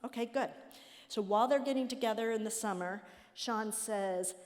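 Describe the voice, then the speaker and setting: A middle-aged woman telling stories from her work to an audience, animated and acting out the people she quotes. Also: fairly high pitch, normal speed. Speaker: nonprofit president speaking at a summit. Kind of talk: storytelling talk to an audience. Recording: long reverb of a hall.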